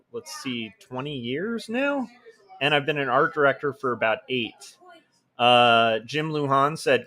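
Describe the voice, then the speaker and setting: A man's voice: medium pitch, sharp tone. A man in his forties talks casually to his viewers from home in a mid-range voice. He rambles, stumbles over words, and restarts sentences often. He makes easygoing, self-deprecating asides. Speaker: illustrator hosting his own livestream. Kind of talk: casual livestream chat.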